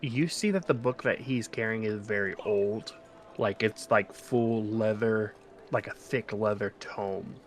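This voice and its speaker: A man's voice: lowish voice, measured pace. A man narrating a tabletop game as game master, laid-back with many fillers.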